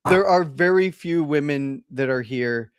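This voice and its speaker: A man's voice: fairly high pitch, slight background noise. A man co-hosting a casual show, laughing often as he banters. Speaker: co-host.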